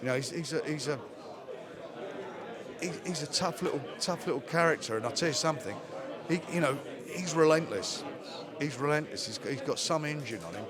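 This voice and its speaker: Older promoter over crowd noise. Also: male voice, fairly high pitch, brisk. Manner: plainspoken, repeats phrases for emphasis. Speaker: boxing promoter. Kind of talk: post-fight interview. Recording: crowd chatter behind the voice.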